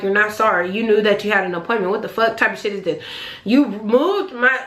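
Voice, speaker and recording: A young woman telling a story to her vlog in a casual way, animated and exasperated, swearing freely as she recounts it. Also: medium pitch. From California, Bay Area region. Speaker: vlogger. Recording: echoey room.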